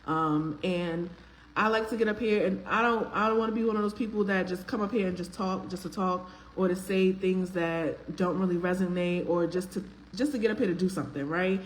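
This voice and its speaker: A woman with a lowish voice talks briskly while hosting a live faith-based talk stream, greeting viewers by name. She's chatty, uses casual slang and says "um" often. The recording is low quality.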